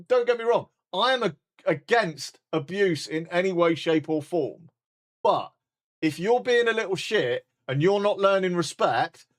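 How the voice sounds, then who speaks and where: Sweary British man ranting, high voice. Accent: British English. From United Kingdom. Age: 40s. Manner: heated, sweary, blunt ranting. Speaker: streamer. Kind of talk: ranting live stream chat.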